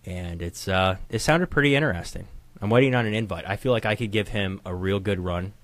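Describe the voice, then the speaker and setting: A man's voice: lowish voice, fairly quick, fairly bright tone, dry recording. A man chatting casually on a podcast, telling laid-back stories with a laugh. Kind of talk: casual chat.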